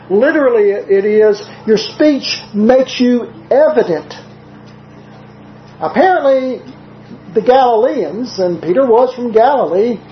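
Southern US accent, preacher, sermon, measured delivery, conversational asides, muffled lo-fi sound, faint background hiss. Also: medium pitch. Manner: measured, slows down to stress quoted scripture; conversational asides with frequent "uh" fillers. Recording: roomy, dull lo-fi recording.

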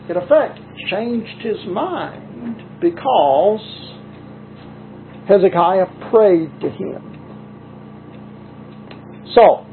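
A preacher giving a deliberate, emphatic sermon and reading scripture passages aloud. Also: medium pitch. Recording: tinny lo-fi recording with faint hiss.

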